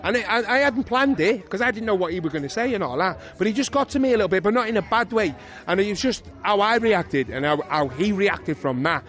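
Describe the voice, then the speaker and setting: Retired boxer, Liverpool man, middle-aged, rapid lively anecdote delivery, slightly higher voice. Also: lo-fi sound. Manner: lively storyteller, chuckling, swears oaths. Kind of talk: casual interview anecdote. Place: outdoors at an evening boxing event.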